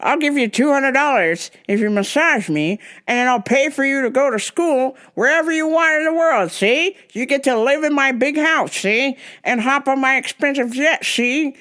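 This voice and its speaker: A woman putting on the voice of a creepy rich older man, sleazy and coaxing, who keeps tacking a drawn-out "see?" onto his offers. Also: high-pitched, a bit bright, pitched above the performer's own voice. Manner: wheedling, ends lines with a drawn "see?".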